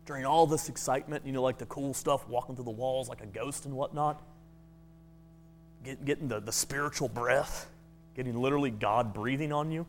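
A man's voice: mid-range voice, brisk, faint music behind. A man preaching a sermon in a conversational way, often restarting his words.

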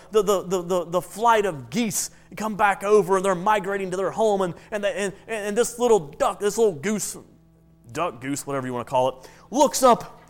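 High-voiced man preaching animatedly. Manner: animated, with frequent repeated-word restarts. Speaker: preacher teaching a Bible class. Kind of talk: classroom sermon with storytelling.

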